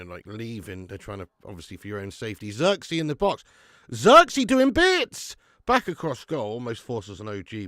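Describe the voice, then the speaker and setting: A man's voice: fairly low pitch, no echo, studio quality. A man hosting a live football watch-along, sick with flu, talking bluntly and swearing as he banters with viewers. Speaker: football fan channel host.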